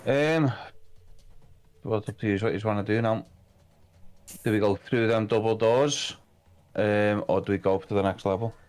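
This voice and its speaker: A man's voice: on the low side, darkish tone, smooth. A man playing a tabletop game, slipping into a cold, menacing tone for his character. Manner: plays his character as coldly menacing, slow and drawn out. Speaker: player.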